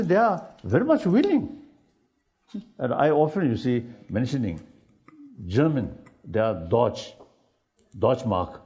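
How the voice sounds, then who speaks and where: Halting, lively-voiced man searching for words. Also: mid-range voice. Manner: animated, acts out quoted speech. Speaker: spiritual leader in a panel discussion. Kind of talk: conversational panel talk.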